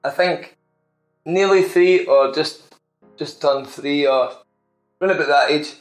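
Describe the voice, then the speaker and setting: A man's voice: on the high side, slow, soft background music. A Scottish man co-hosting a podcast, telling an amused, rambling anecdote in a casual chat. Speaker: podcast co-host. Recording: roomy echo.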